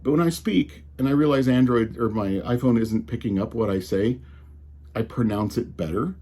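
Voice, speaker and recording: A man's voice: medium pitch, normal speed, dark tone, breathy edge. A man with a slight Colorado drawl, ranting casually and with exasperation about tech, often restarting his sentences. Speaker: tech commentator.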